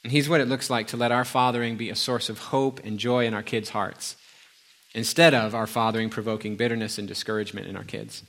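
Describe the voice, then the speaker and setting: A man's voice: on the low side, little pitch movement, a little fast, fairly bright tone. A middle-aged man preaching a sermon, telling a family story and acting out the dialogue in a conversational way. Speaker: pastor.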